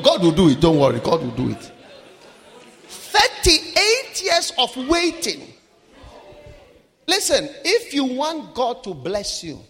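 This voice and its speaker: A man preaching a sermon, shouting for emphasis and mimicking people in a sing-song voice. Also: very high-pitched, vocal fry, long reverb tail.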